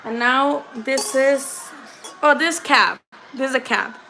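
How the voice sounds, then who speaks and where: A woman with a high, bright, ringing voice hosts a casual live chat about boxing. She is blunt and foul-mouthed, teasing and talking back to her viewers. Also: slow pace, creaky. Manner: blunt, profane and joking, talks back to chat. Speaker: host of a boxing livestream.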